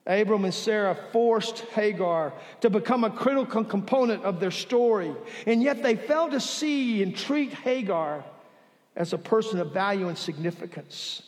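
Man preaching, high voice, dramatic pauses, long church reverb. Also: animated. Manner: preaching with dramatic pauses and soft, drawn-out emphasis. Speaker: pastor. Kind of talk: sermon. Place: church sanctuary. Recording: reverberant hall.

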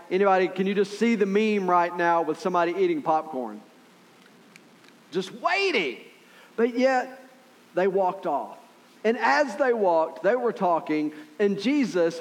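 A man preaching a sermon as pastor, telling the story in an animated way with acted-out voices and asides to the congregation. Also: sits high, big-room sound.

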